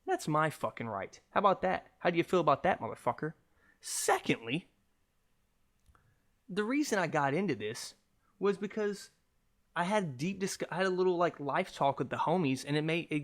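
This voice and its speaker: A young man holds forth on his own podcast in a casual, rambling rant. His voice sits a touch high for a man, and he talks in an animated, joking way, swearing freely. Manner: profane, animated, jokey. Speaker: podcast host.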